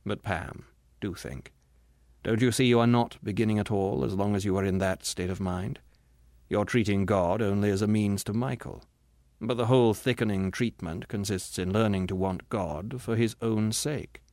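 A man reading the part of a gentle, patient spirit who calmly explains things to his grieving sister in an audiobook. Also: on the low side, normal speed, no echo, studio quality, close to an everyday voice. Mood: patient, earnest. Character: patient, gentle bright spirit, the ghost's brother.

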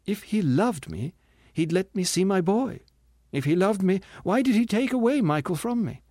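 A man's voice: sits high, expressive, normal speed, warm tone, no room sound, studio quality, pitched above the performer's own voice. A male narrator voicing a grieving woman's ghost who speaks sharply and reproachfully in an audiobook. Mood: indignant, bitter. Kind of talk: audiobook character reading.

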